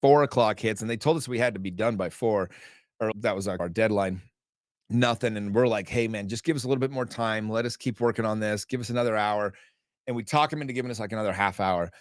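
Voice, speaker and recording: A man guesting on a podcast, speaking in a somewhat low voice. He tells stories in a casual, emphatic way, swears freely and acts out the dialogue. The sound is dry and close to the mic. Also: fast talker, dry recording. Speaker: podcast guest, author and men's group founder. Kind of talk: animated storytelling in conversation.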